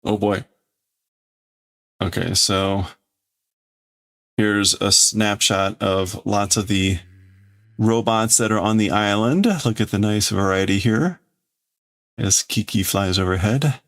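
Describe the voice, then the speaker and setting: A man translates a comic on a live stream in an unhurried, low voice with a gravelly edge. He thinks aloud as he goes and often hedges or corrects himself. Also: fairly even intonation, fairly bright tone. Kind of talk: casual live commentary.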